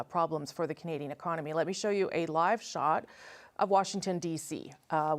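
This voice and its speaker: A woman news anchor leading live special coverage, crisp and conversational, with some fillers. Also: lowish voice.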